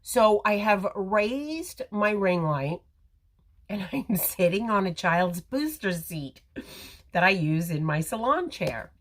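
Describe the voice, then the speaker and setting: Middle-aged woman hosting a live makeup stream, chatty and rambling, slow unhurried delivery with lots of swing in her pitch. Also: expressive. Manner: chatty, rambling, talks to viewers. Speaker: makeup livestream host. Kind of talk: casual live makeup tutorial. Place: home or salon with ring light. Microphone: phone camera.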